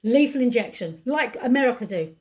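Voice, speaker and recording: A woman's voice: on the high side, expressive, fairly quick. A woman with a British accent, talking to camera in an upset, angry rant, often repeating words. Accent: British English. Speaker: vlogger. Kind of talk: emotional commentary to camera.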